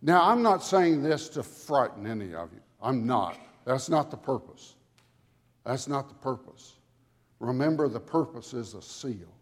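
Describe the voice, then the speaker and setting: A man preaching a sermon to a congregation with dramatic emphasis, building to loud peaks on key words. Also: mid-range voice, lively intonation. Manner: dramatic, slow emphatic delivery with swelling loudness. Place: church sanctuary. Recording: long hall reverb from a church. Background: congregation audience.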